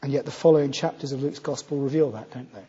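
A man's voice: mid-range voice, fast, dark tone, husky. A man from Scotland preaching a sermon, earnest and rising to emphatic scripture readings. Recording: muffled, long hall reverb.

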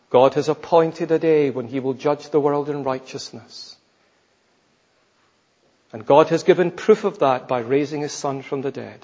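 Slow, emphatic preacher in a reverberant hall. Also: male voice, fairly high pitch. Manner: slow, emphatic preaching, dropping soft at phrase ends. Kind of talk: expository sermon. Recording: dull lo-fi sound with long hall reverb.

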